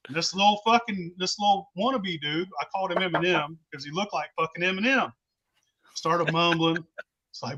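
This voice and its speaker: A man's voice: high-pitched, animated, brisk, sharp tone, muffled recording. A man, telling a rowdy, profane story in casual talk and laughing as he goes. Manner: rowdy, swears constantly, laughs mid-story. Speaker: podcast host telling stories.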